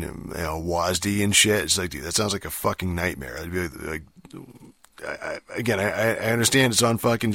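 Guy with a real low voice swearing through a rambling gaming rant, dry close sound. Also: sharp tone, no echo. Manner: profane, rambling, many fillers and restarts. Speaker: gaming commentator. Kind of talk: casual rant.

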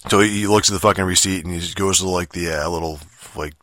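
A man's voice: low voice, steady tone, fast talker, a bit bright, dry recording, studio quality. A young man telling a story in a casual rant, rambling, swearing constantly and leaning on fillers, sounding exasperated. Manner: rambling and profane, full of fillers; exasperated and annoyed.

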